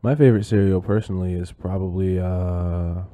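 Mellow low-voiced man, casual podcast banter. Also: fairly even intonation, moderate pace. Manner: goofy, rambling, swears casually. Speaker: podcast co-host. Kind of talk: casual chat.

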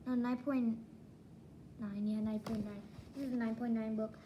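A woman giving a casual book review, retelling the story excitedly with many restarts and false starts. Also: a little high, normal speed, lo-fi sound, a little hiss or hum.

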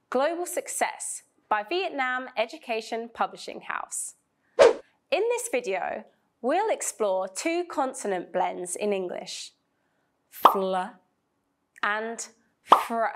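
A woman teaching English pronunciation in a slow, scripted lesson, drilling sounds clearly and deliberately. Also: fairly high pitch.

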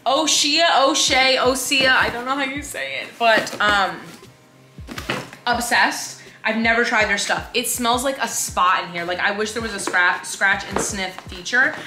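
Gushing young woman unboxing, roomy sound. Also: mid-range voice. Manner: gushing, gasping, chatty. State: tired. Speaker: lifestyle influencer. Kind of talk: casual vlog unboxing chat. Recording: roomy sound with loud music behind. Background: background music.

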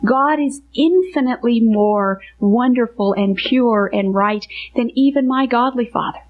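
A woman Bible teacher giving a teaching message to women, earnest and emphatic, slowing down on key phrases. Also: a little high, narrow, tinny audio.

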